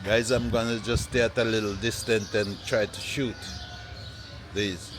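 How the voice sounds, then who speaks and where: A man, vlogging casually while walking through an open-air plant nursery with a handheld phone, relaxed and repeating "yeah, man" often. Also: lowish voice, a little slow, background noise. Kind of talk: casual walking vlog to camera.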